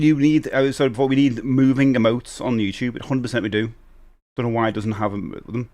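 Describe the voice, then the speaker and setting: A man's voice: medium pitch, steady tone, fairly quick, a little mellow. A middle-aged man hosting a live stream, chatting casually and rambling as he reads out and answers viewer messages. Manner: chatty and rambling, reading out chat and greeting viewers.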